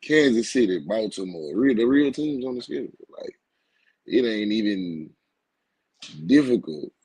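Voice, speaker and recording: Casting: husky-voiced man, lowish pitch, cocky and slangy, talks football trash in a dry close recording. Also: animated, moderate pace, a little mellow, dry recording, low-quality recording. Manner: brash, boastful, slangy trash talk. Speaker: co-host, football fan. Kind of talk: casual sports chat.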